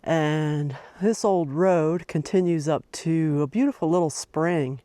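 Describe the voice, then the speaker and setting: A woman's voice: sits low, takes it slowly, dark tone, no echo. A middle-aged woman vlogging as she hikes a mountain trail outdoors, talking casually and rambling, with many fillers and restarts. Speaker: hiking vlogger. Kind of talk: casual narration while hiking.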